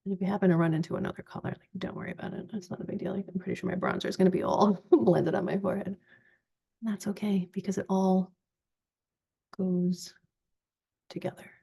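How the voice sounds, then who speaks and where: Gravelly, husky woman in her forties. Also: medium pitch, a little fast. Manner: chatty, relaxed step-by-step instructions. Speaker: makeup vlogger. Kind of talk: casual makeup tutorial.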